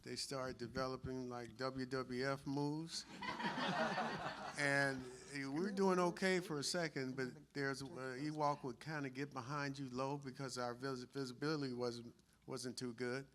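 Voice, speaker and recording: A man's voice: medium pitch, little pitch movement, unhurried, fairly bright tone. A man with a mid-range voice recalls film-set fights for a panel crowd. He sounds amused and laughs as his story unfolds. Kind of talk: convention panel anecdote.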